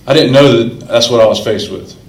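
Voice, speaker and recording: A man's voice: medium pitch, fairly quick. A man speaking earnestly and emotionally as a recovery meeting speaker, repeating phrases for emphasis. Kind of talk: personal recovery story told to a meeting. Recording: echoey room.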